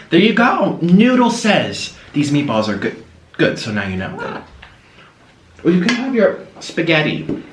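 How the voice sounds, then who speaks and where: A man chatting casually to the camera as he eats, cooing now and then at his pet. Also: fairly high pitch. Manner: chatty, coos at his pet between bites. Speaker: food vlogger. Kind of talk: casual mukbang chat to camera. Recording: echoey room with faint noise.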